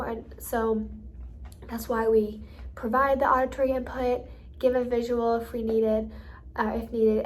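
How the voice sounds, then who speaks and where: A woman teaching speech and listening strategies in a casual, explanatory way, with many ums and you-knows. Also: on the high side. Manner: chatty, many fillers like um and you know. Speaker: hearing therapy educator. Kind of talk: instructional explanation with modeled examples.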